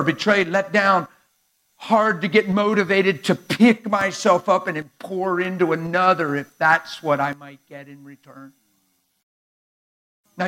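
A man preaching a sermon to a live congregation in an animated, conversational way, acting out dialogue as he goes. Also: high voice. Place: church sanctuary before a live crowd.

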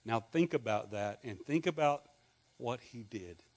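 Speaking a little slowly in a medium-pitched voice with lively intonation, a middle-aged pastor from Scotland delivers a sermon conversationally. He asks his congregation questions and adds joking asides.

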